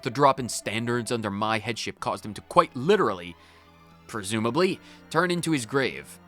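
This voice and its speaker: A man's voice: medium pitch, lively intonation, normal speed, a bit bright, faint music behind. A man, a gaming channel host, reading game dialogue aloud in a playful, theatrical way with stumbles and asides.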